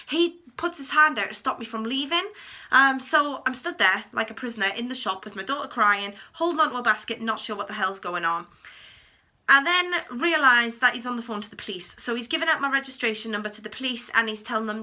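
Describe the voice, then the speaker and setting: A woman in her thirties telling a personal story to camera in a chatty, animated way, acting out what people said. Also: a little high, fairly quick. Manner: chatty, animated retelling with acted quotes. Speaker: vlogger. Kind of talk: storytime vlog.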